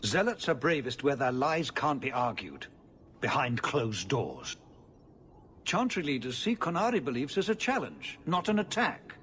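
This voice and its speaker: Brief: a tired, cautious older ruler, formal and measured, lively pitch, faint noise behind. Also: male voice. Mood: weary. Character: weary older male city ruler, diplomatic and cautious. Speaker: city ruler addressing the hero. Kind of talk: video game dialogue.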